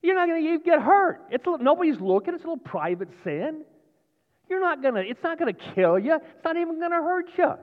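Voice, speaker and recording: A man voicing a sly male devil who coaxes and mocks in a raised, squeaky voice. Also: very animated, brisk. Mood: dismissive. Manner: wheedling, coaxing, dismissive. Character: sly tempting male devil, wheedling and mocking. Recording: dull sound with long hall reverb.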